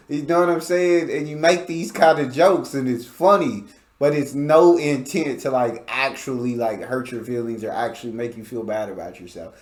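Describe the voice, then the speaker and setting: A man's voice: on the high side, roomy sound. A man from the United States hosting a reaction video in a casual way, full of fillers like "like" and "you know what I'm saying".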